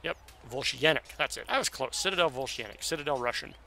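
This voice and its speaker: A man narrating as game master for a tabletop game, halting with many ums and self-corrections. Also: mid-range voice, expressive, creaky, pushed and bright, slight background noise.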